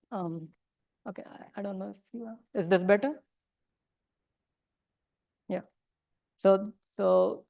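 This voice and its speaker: Smooth-voiced woman teacher. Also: fairly low pitch, no room sound, studio quality. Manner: questioning the audience, mixing in Hindi phrases. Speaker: religious teacher. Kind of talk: interactive lecture to a class. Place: temple lecture room.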